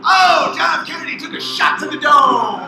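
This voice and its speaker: A man voicing a hyped male football announcer, shouting play-by-play calls over loud music in an echoey recording. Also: very high-pitched, normal speed, creaky, a loud crowd, pitched above the performer's own voice, exaggerated voice.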